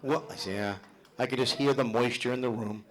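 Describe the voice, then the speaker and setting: A middle-aged man does live stand-up, brash and profane, ribbing people in the crowd. His voice sits at a medium pitch and moves at a normal speed, with background noise audible.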